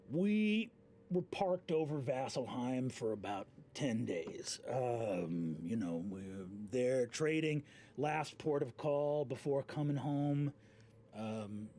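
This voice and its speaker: A man's voice: mid-range voice, warm tone. A man voicing a burly, friendly half-orc who talks in a rambling, folksy way.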